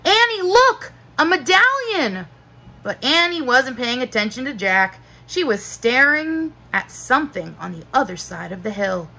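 A woman teacher narrating a children's book aloud in a slow, expressive storytelling manner. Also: on the high side, gravelly, low-quality recording.

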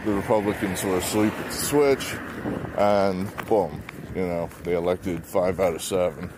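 Deep-voiced guy ranting about politics on a walk, a bit winded, blunt and cussing, phone mic, faint traffic behind. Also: fairly even intonation, a little slow. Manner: blunt, rambling, with profanity and many fillers. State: slightly out of breath from walking. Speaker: political vlogger. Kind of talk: rambling political commentary while walking. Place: outdoors on a neighborhood walk. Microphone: handheld phone.

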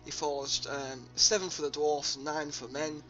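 A man's voice: fairly high pitch, level tone, normal speed, pushed and bright, lo-fi sound. A young man casually commenting on his gameplay, rambling with lots of ums and uhs. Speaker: let's play host. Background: game music.

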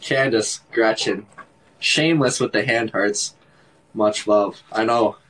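A man's voice: fairly low pitch, slow pace, fairly bright tone, a little hiss or hum, poor audio. A man with a Canadian accent chatting casually on a livestream, laid-back and laughing often, with lots of "like". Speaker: livestream host.

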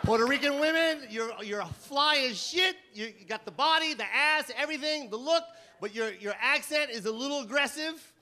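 A man from Los Angeles doing an animated, profane stand-up set. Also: extremely high pitch, normal speed, hardly any pauses. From Los Angeles, USA. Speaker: stand-up comedian. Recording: comedy club mic with crowd noise.

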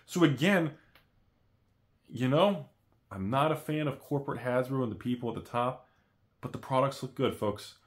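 A man hosts a casual monologue on the collectibles market, with a voice that swings up and down. He rambles, restarts his sentences and throws in jokey asides. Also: mid-range voice. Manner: rambling, animated, self-correcting.

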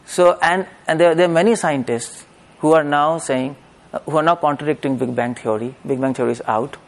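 A man's voice: a little high, brisk. A middle-aged man, giving a lecture-style religious discourse and asking his audience rhetorical questions. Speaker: preacher.

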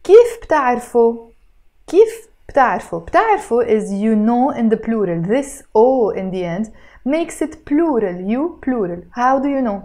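A woman teaching a spoken Arabic lesson, who has a cough, pronouncing words slowly and carefully and switching between languages. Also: on the high side, expressive, mellow.

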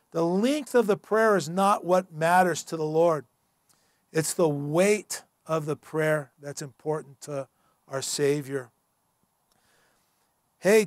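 A male pastor delivers a sermon in an earnest, emphatic and conversational way. His voice sits high for a man. The recording is dry and close. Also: no room sound. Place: church.

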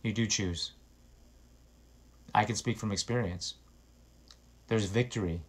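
Low-voiced man preaching with earnest urgency. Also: takes it slowly, slightly rough. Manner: earnest and exhorting, rising to emphatic bursts. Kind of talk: informal sermon.

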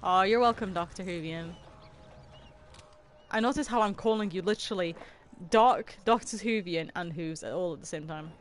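A woman's voice: on the low side, normal speed, a little hiss or hum. Chatty, giggly woman streaming a game. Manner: chatty and giggly, talking to viewers. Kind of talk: casual livestream chat while playing. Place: her own room at home.

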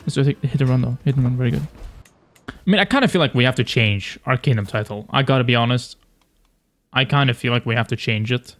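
A young man casually commentating his strategy game, animated and taunting, swearing as he plays. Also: medium pitch, fast, faint music behind. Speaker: gaming YouTuber.

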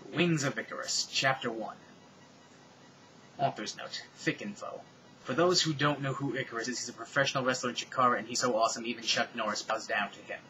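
A man's voice: medium pitch, fairly quick, pushed and bright, slight background noise, poor audio. Sarcastic man reading bad fan fiction. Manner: sarcastic, exasperated asides.

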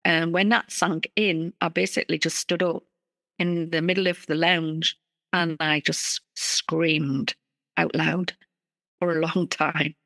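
Gravelly-voiced woman recounting her story. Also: deep voice, level tone, fairly bright tone, no room sound. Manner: earnest, halting, with frequent restarts. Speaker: interview guest. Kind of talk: personal story in a podcast interview.

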